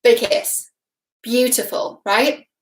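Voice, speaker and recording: Slow and fairly high-pitched, a young British woman reacts casually on her vlog as a relationship expert. The room echoes around her as she chats emphatically, often laughing and swearing offhandedly.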